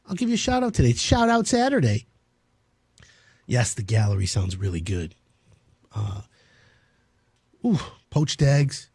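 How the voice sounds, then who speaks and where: A man's voice: on the low side, wildly swooping pitch, moderate pace, creaky, pauses often, a little mellow, breathy edge, dry recording. A man hosting a home improvement radio show, brash and joking.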